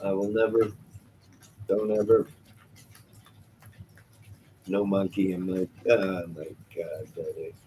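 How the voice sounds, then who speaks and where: A man's voice: sits low, level tone, takes it slowly, pauses often, mellow, a little hiss or hum, rough recording. A man hosting a casual live stream, reacting to his chat with jokes, exclamations and frequent laughs. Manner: joking, exclamatory, laughs often. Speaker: livestream host reading chat.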